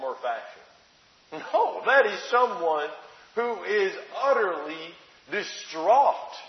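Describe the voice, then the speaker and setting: Male preacher, high pitched, dramatic, muffled roomy church sound. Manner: dramatic scripture reading, rhetorical questions. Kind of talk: sermon. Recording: dull echoey hall recording.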